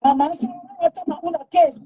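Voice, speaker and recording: A woman's voice: extremely high pitch, wildly swooping pitch, moderate pace, dark tone. A woman, talking emphatically and repeating herself in heated casual talk. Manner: emphatic, repetitive. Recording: dull lo-fi recording.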